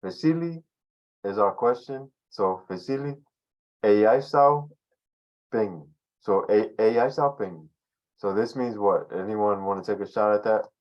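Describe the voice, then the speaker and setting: Male teacher, lowish voice, easygoing and rambling over a dull lo-fi video call. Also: a little slow. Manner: loose and conversational, many fillers and restarts. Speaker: language teacher. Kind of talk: casual online class teaching.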